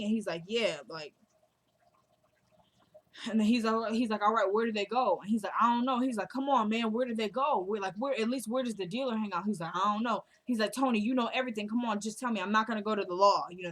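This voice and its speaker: A woman recapping a TV drama episode in a casual chat, quickly quoting the characters' lines as she goes. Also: medium pitch. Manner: chatty, quotes characters in quick asides. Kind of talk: casual recap, acting out dialogue.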